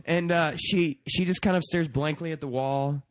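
A man's voice: fairly high pitch, steady tone, normal speed, no echo, studio quality. A young man casually telling a crude story among friends, rambling, swearing often and laughing as he goes.

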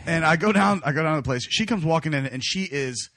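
A man's voice: a little high, expressive, fast, a bit bright, no room sound. A man, hosting a podcast and telling a crude story with many laughs while putting on voices for the people in it. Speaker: podcast host. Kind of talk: casual storytelling chat.

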